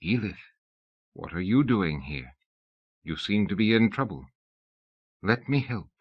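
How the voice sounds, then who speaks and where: A man's voice: lowish voice, animated, unhurried, husky, no echo, heavily acted. A man doing a sly coaxing old god. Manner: coaxing, persuasive. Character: cunning old male god, coaxing and smooth. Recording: dull lo-fi audiobook tape.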